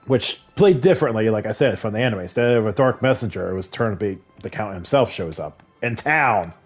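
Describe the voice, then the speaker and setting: A man's voice: on the low side, lively intonation, breathy edge, faint music behind. A man recapping a show in casual rambling talk, chuckling often and briefly voicing the characters he quotes. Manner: rambling, chuckles often, retells scenes with quick quoted voices. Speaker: gaming vlogger.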